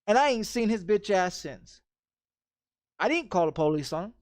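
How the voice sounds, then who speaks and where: A man's voice: sits high, animated, moderate pace, no room sound, studio quality. A streamer telling a story in casual chat, blunt and heavy on profanity, often repeating his phrases.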